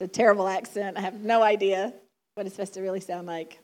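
A woman's voice: medium pitch, fairly even intonation, a little fast, darkish tone. A middle-aged woman preaching a sermon in a chatty, conversational way, laughing often.

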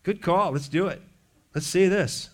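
A man preaching a sermon, reading scripture aloud and breaking off into joking asides, swinging from hushed to loud. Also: sits high, measured pace. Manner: reads scripture then riffs with humor and asides. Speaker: pastor.

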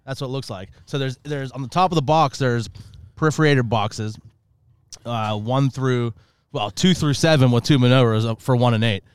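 A man's voice: medium pitch, normal speed, clean tone, no room sound. A man co-hosting a podcast, laughing and cursing as he chats with friends. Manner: laughing, swears, describes things. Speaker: podcast co-host. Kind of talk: casual podcast banter.

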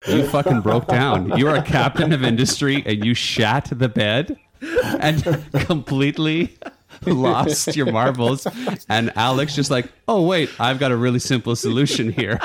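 A man's voice: mid-range voice, normal speed, a crowd in the background. A man chatting casually, teasing a friend with swearing and laughter. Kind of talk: casual chat.

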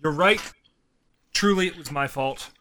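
A man's voice: fairly high pitch, a little slow, sharp tone. A man co-hosting a casual podcast chat, firing off short sarcastic quips. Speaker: podcast co-host.

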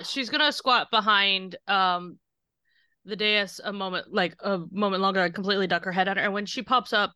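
A woman's voice: medium pitch, bright, forceful tone, smooth, no echo, clean studio sound. A woman describing her character's moves at a tabletop game, hesitant and thinking aloud. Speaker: player. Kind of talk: casual tabletop play.

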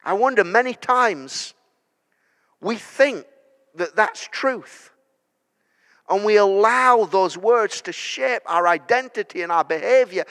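A man in his thirties preaching a sermon in a church, telling stories that build to loud declarations. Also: high voice. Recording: long church hall reverb.

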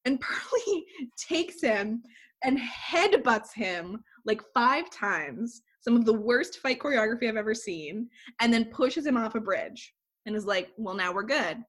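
A woman's voice: on the high side, unhurried. A woman co-hosting a podcast, chatting casually and retelling a film's plot with lots of "like". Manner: animated storyteller, heavy use of "like". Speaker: podcast co-host.

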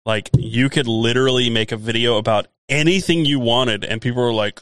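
A man talks bluntly in a relaxed chat, dropping curses and wry asides. His pitch is ordinary and mid-range. The sound is dry and close to the mic. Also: fairly quick, few pauses, dry recording. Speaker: fellow YouTube creator, guest. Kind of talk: casual chat over whiskey.

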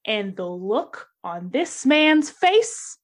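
A woman's voice: on the high side, very animated, very slow. A woman casually telling a funny work story on a podcast, laughing often as she talks.

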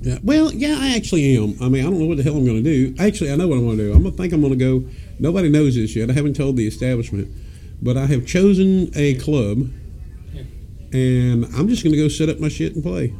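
A man's voice: medium pitch, lively intonation, fast, warm tone. A man, a podcast co-host telling rowdy stories with lots of laughter and cursing. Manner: rowdy, laughing, profane storyteller. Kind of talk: casual storytelling chat.

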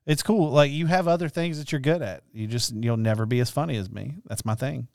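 A man's voice: mid-range voice, a little fast, gravelly, a little mellow, no room sound, studio quality. Chatty man full of "like". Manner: filler-heavy, uses "like" constantly, playful boasting. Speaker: comedian co-host. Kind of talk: casual chat.

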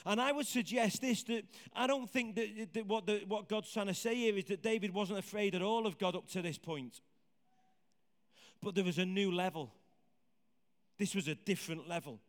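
A man preaching a sermon in a conversational, animated way, asking the congregation questions. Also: sits high, normal speed. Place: church hall with congregation. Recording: hall reverb.

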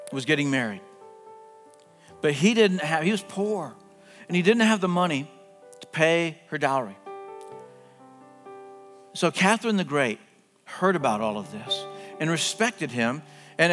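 A middle-aged man preaching, his slightly high voice earnest and sinking to a hush on key words. He is heard in a hall with a long reverb tail. Soft music plays faintly underneath. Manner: earnest, drops to hushed, drawn-out words for emphasis. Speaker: pastor. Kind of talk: sermon.

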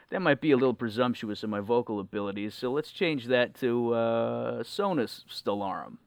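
A man's voice: mid-range voice, lively intonation, normal speed, vocal fry, hardly any pauses, no room sound. A man being interviewed as a guest musician, talking enthusiastically and rambling with plenty of fillers. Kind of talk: casual interview chat.

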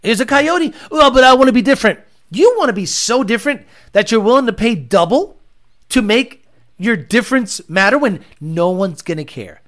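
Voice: mid-range voice, animated, moderate pace. A livestream host reading viewer comments and ranting about car tuning with profanity and mockery.

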